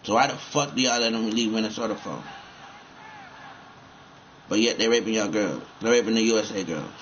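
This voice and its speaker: A man's voice: fairly low pitch, brisk, muffled recording, noisy background. Rambling, profane young-sounding man gamer. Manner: rambling, profane, repeats himself. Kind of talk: rambling game commentary.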